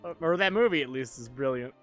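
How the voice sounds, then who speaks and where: A man's voice: medium pitch, animated, fast, faint music behind. A sleepy man casually chatting while streaming a game, rambling and swearing freely. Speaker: gaming streamer. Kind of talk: casual game livestream chat.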